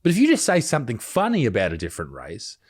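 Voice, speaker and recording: A man hosting a reaction commentary in a blunt, sarcastic, animated way. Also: mid-range voice, quick pace, slightly rough. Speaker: commentary host.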